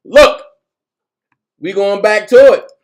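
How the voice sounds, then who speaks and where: A man's voice: high-pitched, slow. A man giving casual commentary as a vlogger, talking in slang and reading documents aloud.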